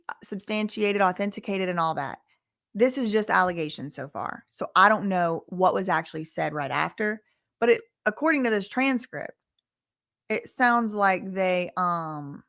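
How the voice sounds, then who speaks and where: A woman's voice: mid-range voice, expressive, measured pace, fairly bright tone, no room sound, studio quality. Woman casually breaking down a lawsuit. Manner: reads transcript quotes aloud with frequent asides. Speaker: legal commentary host. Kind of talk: casual commentary reading from a lawsuit.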